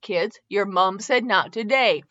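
A woman's voice: medium pitch, a little slow, fairly bright tone, dull audio, lightly acted. A woman voicing a stern, smug young father in a fan fiction reading, speaking sternly and teasingly.

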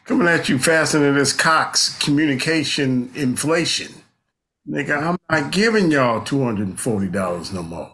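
Slangy man joking with lively pitch. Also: normal speed. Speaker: podcast co-host. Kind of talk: casual comedy podcast banter.

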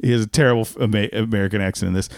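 A man co-hosting a podcast, chatting casually about a movie in a rambling, tangential, animated way. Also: fairly low pitch, racing, no echo, studio quality. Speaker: podcast co-host.

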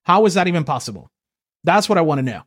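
A man's voice: a little high, sing-song, fast talker, fairly bright tone, no room sound, studio quality. An American man co-hosting a political podcast, ranting heatedly and swearing often. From United States. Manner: ranting and profane, voice rising when angry. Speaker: podcast co-host.

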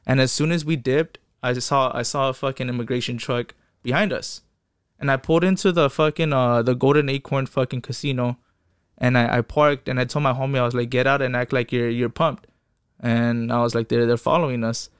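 Young dude rattling off a wild story fast, cussing a lot, smooth clear voice, dry mic. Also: male voice, mid-range voice, fairly even intonation, no echo. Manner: profane, quotes people in voices, rambling restarts. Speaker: guest telling his story. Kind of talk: casual storytelling.

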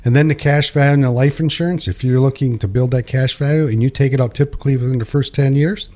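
Mellow-voiced man explaining finances. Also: medium pitch, quick pace. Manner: explanatory, steady, plain-spoken. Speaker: financial advisor. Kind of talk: conversational financial radio talk.

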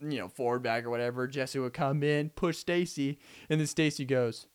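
A man's voice: mid-range voice, steady tone, a little fast, clear, resonant tone. A young man hosting a casual solo podcast, rambling animatedly and acting out scenes with frequent laughs. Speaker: podcast host.

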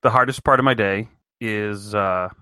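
Man co-host, lowish voice, deadpan casual banter, dry close mic. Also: normal speed, clean tone, dry recording. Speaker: podcast co-host. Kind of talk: casual chat.

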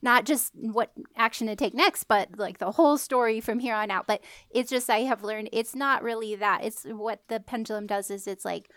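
A woman co-hosting a podcast, explaining ideas thoughtfully step by step, often trailing off softly. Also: a little high, moderate pace, few pauses, no room sound, studio quality. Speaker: podcast co-host. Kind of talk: casual spiritual chat.

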